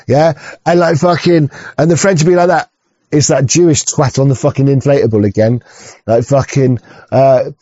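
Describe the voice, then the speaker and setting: A man's voice: a little high, moderate pace, warm tone, no room sound. A man from England delivering a profane, rambling monologue, stammering and restarting often, on dull, dry muffled audio.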